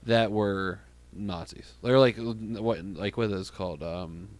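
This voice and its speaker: A man's voice: on the low side, a little slow. A young man co-hosting a casual podcast chat, rambling and restarting his sentences as he jokes around. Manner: rambling, restarts a lot, joking. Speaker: podcast co-host.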